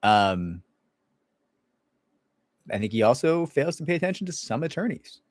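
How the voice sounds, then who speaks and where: In a laid-back livestream Q&A, a male employment attorney is sarcastic and blunt, imitating others in mocking voices. He speaks unhurriedly in a sing-song, mid-range voice, recorded dry at studio quality.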